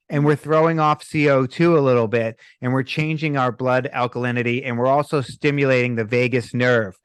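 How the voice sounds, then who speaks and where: Animated middle-aged man, dry sound. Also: medium pitch, clean tone, no room sound. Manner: animated storytelling, acts out quoted people. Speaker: breathwork coach. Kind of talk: podcast interview.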